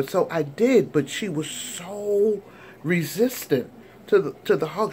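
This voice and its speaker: A woman in her sixties telling a personal story in a chatty, animated vlog, with many fillers. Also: fairly low pitch, a little slow, a little hiss or hum. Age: 60s. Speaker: vlogger.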